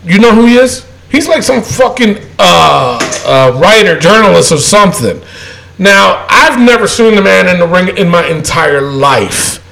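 Gravelly high-voiced guy ranting, swearing a lot, heated podcast chat. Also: lively intonation, a little slow, fairly bright tone, poor audio. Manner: profane, emphatic, ranting. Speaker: co-host.

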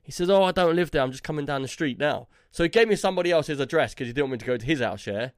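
A man's voice: medium pitch, animated, very fast, no echo, clean studio sound. A man, a podcast co-host telling a rambling story in casual chat, tagging his lines with "yeah?" and "like".

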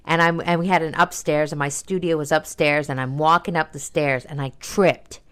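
Lively woman telling a story. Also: smooth. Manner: animated storyteller, leaps high when quoting herself, quick asides. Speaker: podcast co-host, daughter of the other host. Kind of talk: casual chat.

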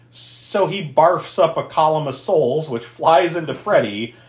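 A man hosting a podcast, casually recapping a film, swearing and laughing often as he tells it. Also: a little high. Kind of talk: casual movie recap chat. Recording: echoey room.

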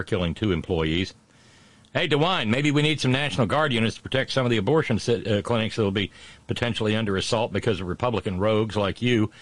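A middle-aged man hosting a satirical on-this-day history segment, full of puns and sarcastic asides, slowing down for his punchlines. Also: lowish voice, dry recording. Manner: punning asides and sarcastic jabs; slows down for punchlines. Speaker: host of a daily history segment.

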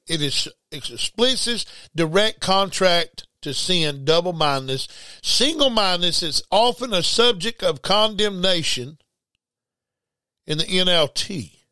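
A man's voice: high-pitched, pushed and bright, no echo. A man preaching a sermon, emphatic and repetitive, reading scripture aloud. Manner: emphatic, repeats words, reads scripture aloud.

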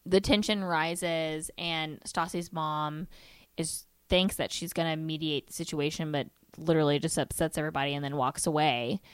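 A woman's voice: low-pitched, fairly even intonation, normal speed, clean tone, no echo. A young woman co-hosting a casual podcast chat, recapping a reality show in an exasperated, storytelling way with plenty of fillers. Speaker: podcast co-host.

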